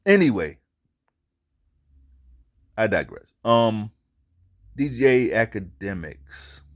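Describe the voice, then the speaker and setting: A man's voice: lowish voice, sing-song, takes it slowly. A man hosting a casual commentary show, speaking bluntly and profanely and repeating himself for emphasis. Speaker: commentary channel host.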